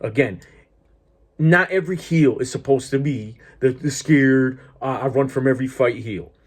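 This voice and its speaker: A man's voice: medium pitch, normal speed. Profane, heated man ranting about wrestling. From Greek heritage. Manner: profane, heated, restarts often. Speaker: wrestling commentator vlogger. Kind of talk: casual ranting monologue.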